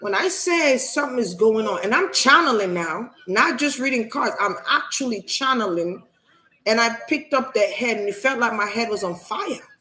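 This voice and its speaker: A woman psychic reader speaking to her viewers in an emphatic, defiant monologue, preachy and indignant, sometimes dropping to a soft murmur. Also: on the high side, animated, normal speed, low-quality recording.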